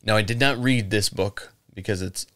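A man's voice: on the low side, normal speed, a bit bright. An American man co-hosting a podcast, telling a legend in a rambling, casual way with swearing and laughs. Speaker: podcast co-host. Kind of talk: casual chat, storytelling.

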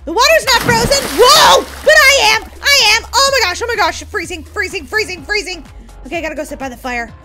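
A woman's voice: extremely high pitch, expressive, fast talker, pushed and bright, heavily acted. A woman voicing Molly, a bold, scheming young girl in a Roblox role-play story. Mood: excited. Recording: music playing underneath.

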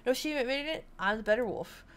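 A woman's voice: fairly high pitch, animated, fast, a bit bright. A hearty, simple male gym wolf who calls everyone brother, as a woman reads him aloud. He is friendly and proud of his strength.

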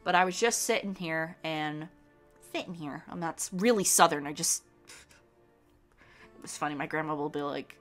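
A woman's voice: sits low, normal speed, pauses often, fairly bright tone, soft background music. A young woman hosting a podcast, chatting casually and enthusiastically about a film, rambling with lots of fillers and restarts. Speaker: podcast host.

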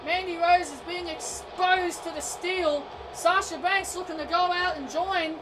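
Very high-voiced woman shouting wrestling commentary. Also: measured pace. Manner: excitable, often shouting, stumbles and repeats words. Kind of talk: excitable play-by-play commentary over a video game. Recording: distant mic with noisy background.

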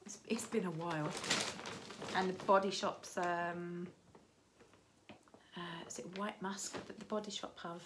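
A woman's voice: lowish voice, fairly even intonation, moderate pace, noisy background. A woman in her fifties with grandchildren, chatting casually and rambling through a shopping haul with many restarts. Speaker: vlogger showing a shopping haul.

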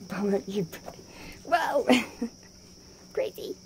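High sing-song woman cooing at pets. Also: lively intonation, very slow, a little hiss or hum. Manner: sing-song baby talk to pets, laughing often. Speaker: wildlife rehabilitator. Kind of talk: casual talk to animals while filming.

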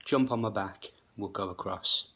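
A man voicing a wary but trusting frog in a fable he is telling, speaking quietly and plainly. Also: on the low side, normal speed, husky.

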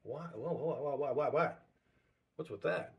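Husky-voiced man preaching conversationally. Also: a little high, a little slow. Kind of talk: sermon.

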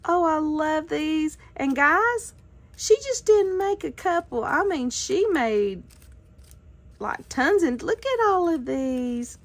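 A woman with a high voice talks slowly and warmly to her viewers as a craft vlogger. She gushes over each handmade piece and repeats her thanks again and again. Her speech rises and falls with delight. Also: lively intonation. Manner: gushing, effusive thanks. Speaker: craft YouTuber. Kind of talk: casual unboxing vlog.

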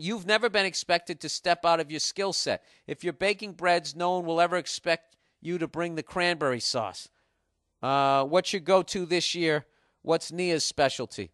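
A man's voice: fairly high pitch, fairly bright tone, no echo, studio quality. A man in his forties with a Boston accent, hosting a casual solo podcast and ranting in a profane, mock-aggressive, bragging way. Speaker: podcast host. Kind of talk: casual solo podcast rant reading listener email.

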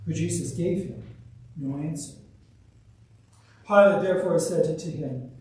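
A man's voice: fairly high pitch, darkish tone. Solemn man reading scripture, echoey church. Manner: measured, solemn delivery. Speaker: scripture reader. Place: church sanctuary. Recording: echoey church, distant mic.

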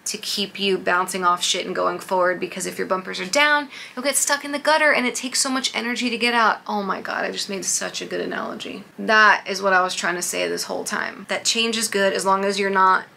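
A woman's voice: mid-range voice, a little fast, vocal fry, few pauses, bright, forceful tone, slight background noise. A young adult woman in a casual talk-to-camera vlog, candid and rambling, swearing freely. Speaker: vlogger.

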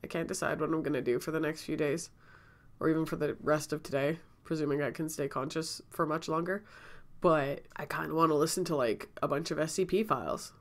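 A woman's voice: low voice, steady tone, fairly quick, a little hiss or hum. A woman telling a casual story-time vlog while sick and out of breath, chatty and rambling, often laughing and coughing between thoughts. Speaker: vlogger.

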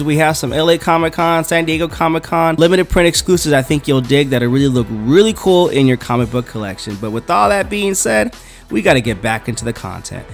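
A man casually reviewing a comic book in a laid-back, slangy way. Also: on the high side.

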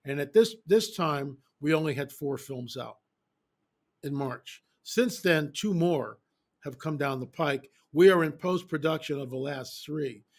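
Animated man telling stories in an interview. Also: a little high, measured pace. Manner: animated, emphatic, repeats phrases for effect. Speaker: guest. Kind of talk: casual interview storytelling.

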